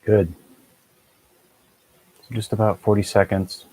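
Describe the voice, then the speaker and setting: Calm, low-voiced man guiding meditation. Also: no echo, rough recording. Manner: calm, measured and unhurried. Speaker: meditation teacher. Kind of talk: guided meditation instruction.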